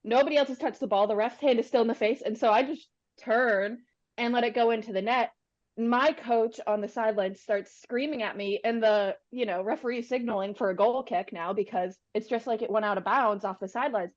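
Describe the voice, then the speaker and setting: A young woman guest tells her stories with animation, leaning on "like" as she goes. Her voice sits a little high. The recording sounds dull and lo-fi. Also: brisk. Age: young adult. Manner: animated, fills with "like". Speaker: podcast guest. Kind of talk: casual storytelling chat.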